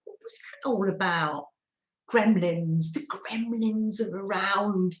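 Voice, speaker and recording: A woman's voice: on the low side, takes it slowly, a bit bright. Chatty, giggly woman in an echoey room. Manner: chatty, giggly, reads out viewer comments. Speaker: craft livestream host. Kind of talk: casual live chat with viewers. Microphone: phone.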